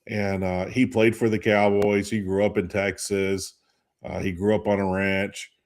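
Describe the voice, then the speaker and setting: A man's voice: on the low side, level tone, measured pace. A tired man in his fifties co-hosting a sports talk show, chatting in a rambling way and losing names mid-thought. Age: 50s. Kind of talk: casual chat.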